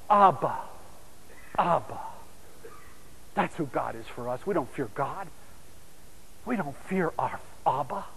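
A man delivering a sermon in a fairly high voice, storytelling with big swings between loud, urgent calls and hushed, soft asides. His words ring out with a long reverb, as if in a large church hall. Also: gravelly, a little hiss or hum. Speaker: preacher.

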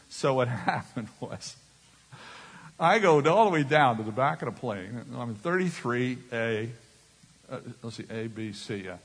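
A man's voice: medium pitch, moderate pace, husky. A man preaching a sermon from a stage, telling personal stories and acting out other people's voices. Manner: animated, acts out voices in anecdotes. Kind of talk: storytelling sermon. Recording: reverberant hall.

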